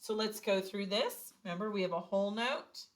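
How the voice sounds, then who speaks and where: A woman's voice: mid-range voice, normal speed. A woman teaching a children's recorder lesson, patiently explaining and chanting rhythms aloud. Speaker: music teacher.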